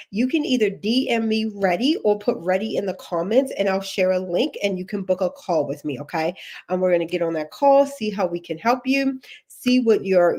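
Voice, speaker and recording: A woman's voice: fairly high pitch, a little mellow. A woman from Texas with a Texan accent, hosting a casual livestream as a career coach, chatty, laughing often and greeting viewers by name.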